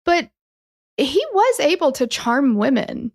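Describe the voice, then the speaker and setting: Chatty woman with gravelly voice. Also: high-pitched, very animated, slow, no room sound, clean studio sound. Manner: chatty, swearing, many fillers. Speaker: podcast co-host. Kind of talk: casual true-crime podcast chat.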